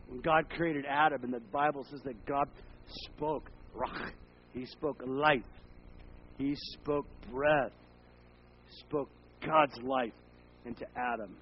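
A male pastor preaching a sermon to his congregation, swinging between loud, emphatic passages and quiet, hushed ones. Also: medium pitch, dull audio, a little hiss or hum. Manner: swings from loud preaching to soft near-whisper. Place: church.

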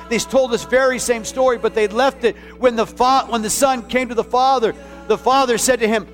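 A man delivers a sermon in a notably high voice, hammering phrases again and again and rising to shouts. Soft music plays faintly behind him. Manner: emphatic, repetitive, rising to shouts. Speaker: preacher.

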